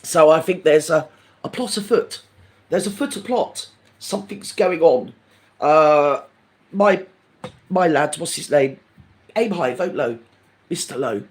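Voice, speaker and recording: With a fairly high voice at a measured pace, an older man chats casually with live viewers, pausing often. He's camp and gossipy, calls everyone darling, and stays animated, swinging up and down.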